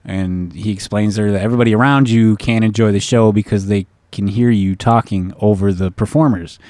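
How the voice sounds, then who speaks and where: A man's voice: lowish voice, steady tone, fairly quick, mellow, dry recording. A man hosting a podcast and telling a story casually, swearing often and filling gaps with "uh.". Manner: profane, rambling, many fillers. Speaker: podcast host.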